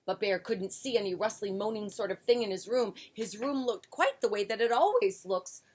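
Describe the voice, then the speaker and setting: A woman reading a children's picture book aloud on a porch, animated and playful. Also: medium pitch, normal speed. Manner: animated, playful, drops to a hush for quiet moments. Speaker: children's story reader. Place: outdoor porch.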